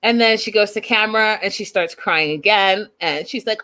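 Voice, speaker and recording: A woman with a medium-pitched, bright and forceful voice recaps a reality show at a moderate pace with few pauses. Chatty and opinionated, she acts out the people she quotes in a raised voice.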